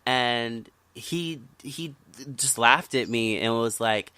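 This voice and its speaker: A man's voice: medium pitch, takes it slowly, sharp tone, clean tone, dry recording. A man from the United States hosting a podcast, talking politics in a casual, impassioned way and repeating words when worked up. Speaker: podcast host.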